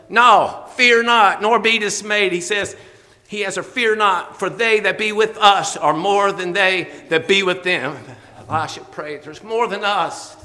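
A man preaches a heartfelt sermon in a high, bright voice. He chuckles between phrases and switches to old-fashioned scriptural wording for quotes. The sound carries a long reverb from a church hall. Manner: folksy, laughing often, quoting scripture in old-fashioned wording.

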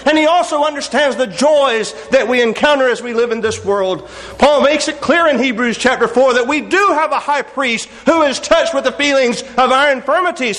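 A man with a notably high voice delivers an earnest sermon. He reads scripture in old-fashioned wording and swings between quiet, slowed passages and raised, pleading appeals to the listener. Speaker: preacher.

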